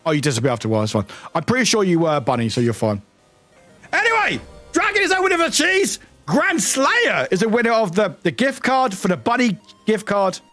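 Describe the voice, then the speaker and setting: Tired British man streaming, lively pitch. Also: quick pace, faint music behind. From United Kingdom. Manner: excitable, rambling, swears and laughs often. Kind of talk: casual livestream chat.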